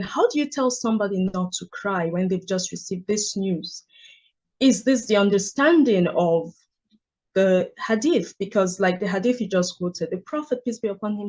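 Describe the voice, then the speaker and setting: A woman, an author telling stories in a measured, reflective way during a book club discussion. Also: medium pitch. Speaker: author and guest.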